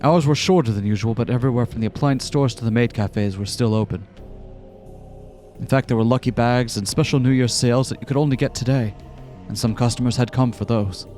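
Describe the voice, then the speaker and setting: A man's voice: mid-range voice, fairly quick, a little mellow, faint music behind. A man hosting a let's-play, reading a visual novel aloud in a casual way with joking asides.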